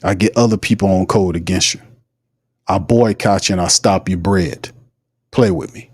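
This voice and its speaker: Male sports host, low-pitched, ranting, dry sound. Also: normal speed, darkish tone, slightly rough, no room sound. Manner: heated, ranting, repetitive. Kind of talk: casual livestream commentary.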